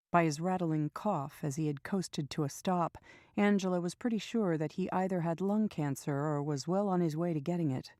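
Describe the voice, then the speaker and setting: Low, mellow woman narrating an audiobook. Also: no room sound, clean studio sound. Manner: steady, measured storytelling.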